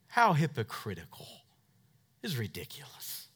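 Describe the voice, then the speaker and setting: Calling for amens, a pastor in his thirties preaches an emphatic sermon that moves from quiet asides to loud, driving points. He speaks at a medium pitch with lively intonation and a measured pace.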